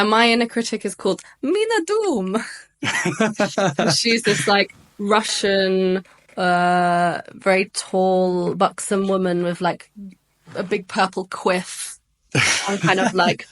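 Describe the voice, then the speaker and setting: A woman's voice: mid-range voice, takes it slowly. A woman, a relationship coach, talking playfully in a casual podcast conversation and laughing at herself.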